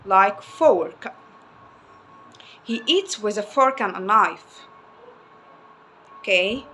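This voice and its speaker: A woman English teacher giving a phonics lesson, slowly repeating each word twice and stretching the vowels. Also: mid-range voice, animated, bright, forceful tone, slight background noise.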